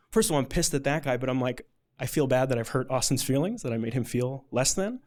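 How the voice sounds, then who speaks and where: A man's voice: mid-range voice, a little fast, darkish tone. A male storyteller performing a true story for a live audience, with a middle-range voice. His telling is loose and conversational, and he leans on "like" and small restarts as he goes. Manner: casual, chatty, many "like" fillers.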